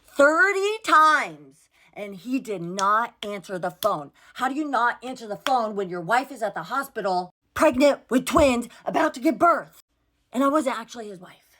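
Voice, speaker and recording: A woman's voice: on the high side, moderate pace, fairly bright tone. A young woman telling a storytime vlog in a casual, exasperated way, swearing freely and acting out what everyone said. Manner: exasperated, swears freely, quotes herself and others.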